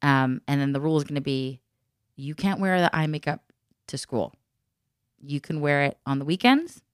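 A woman's voice: low voice, lively intonation, normal speed, clear, resonant tone, no echo, clean studio sound. A woman in casual chat who tells stories at length, laughs often and acts out the people she quotes.

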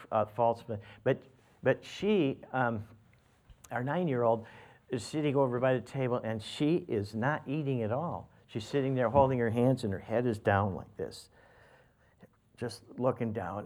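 A man's voice: mid-range voice, a little mellow. An older man preaching a sermon, telling a personal family story in a folksy, rambling way full of restarts and fillers, sometimes acting out what people said. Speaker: pastor.

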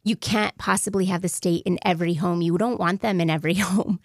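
A woman, a former head of a state child welfare agency, talking as an interview guest in an animated, earnest way with emphatic repetitions. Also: lowish voice, fairly quick, no room sound, studio quality.

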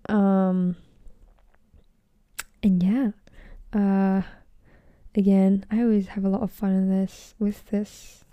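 A woman's voice: medium pitch, level tone, takes it slowly, pauses often, no echo, highs cut off. A young woman hosting a casual solo podcast from home, rambling, swearing a lot and sometimes dropping into a whisper. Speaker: podcast host.

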